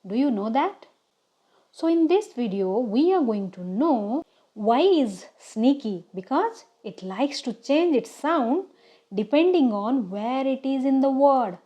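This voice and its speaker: A woman teaching a children's phonics lesson, speaking slowly and deliberately and often checking in with "okay?". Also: high-pitched, expressive, dark tone.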